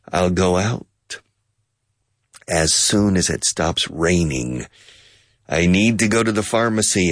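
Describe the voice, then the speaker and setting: A man teaching an English lesson in a playful, casual way, repeating phrases slowly and switching to Spanish to explain. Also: low-pitched, gravelly, husky, no echo, studio quality.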